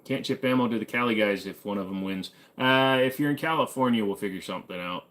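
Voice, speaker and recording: Laid-back low-voiced American man. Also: fast talker, a bit bright. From United States. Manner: laid-back, joking, drawling with frequent "uh" fillers. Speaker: host. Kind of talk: casual live-stream chat reading viewer comments.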